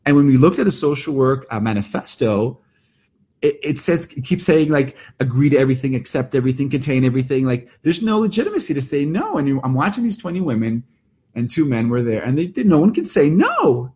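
A man's voice: medium pitch, darkish tone, husky. A middle-aged man, a therapist speaking in an earnest, reflective podcast monologue with emphatic restarts. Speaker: therapist and workshop leader.

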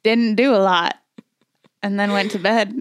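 A young woman chatting on a podcast, mid-pitched and profane, ranting about her week. The recording is dry and close, with no room sound. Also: steady tone, a little slow, no echo. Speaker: podcast co-host. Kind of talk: casual chat.

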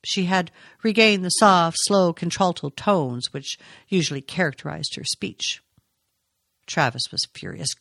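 A woman narrating a novel aloud in a measured, expressive way. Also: fairly low pitch, gravelly, dry recording, clean studio sound. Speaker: audiobook reader.

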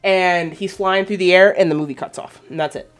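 A woman co-hosting a casual podcast chat, retelling a film plot in a loose, profane, animated way. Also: on the low side, fairly quick, loud music behind the voice. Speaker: podcast co-host.

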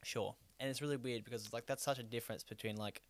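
A man's voice: medium pitch, fairly even intonation, fast talker, dry recording. An Australian man co-hosting a podcast in casual chat, rambling with lots of fillers and restarts and swearing freely. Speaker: podcast co-host.

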